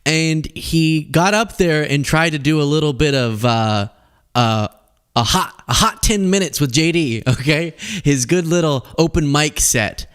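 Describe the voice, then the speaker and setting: A man's voice: a little high, unhurried, fairly bright tone, clear, resonant tone. A man hosting a political commentary podcast, talking casually, laughing often and mocking playfully.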